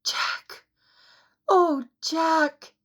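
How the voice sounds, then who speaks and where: A woman's voice: high voice, measured pace, voice pushed up. A woman voicing a young woman hanging from a cliff, gasping and sobbing her words in an audiobook reading.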